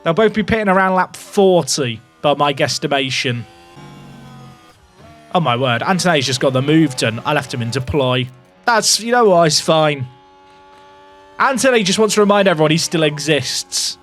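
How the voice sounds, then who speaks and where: Excitable gaming commentator, higher-pitched. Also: male voice, moderate pace, long pauses, soft background music. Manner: excitable, swings between nervous mutters and shouts. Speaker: gaming YouTuber. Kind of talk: live racing game commentary to chat.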